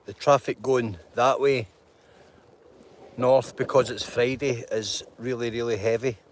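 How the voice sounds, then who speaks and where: A man's voice: mid-range voice, fairly even intonation, a little slow, a little hiss or hum. Chatty man streaming from a glen. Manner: chatty, rambling, greets viewers by name. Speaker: live-stream host. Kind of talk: casual live-stream chat. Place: outdoors in a mountain glen.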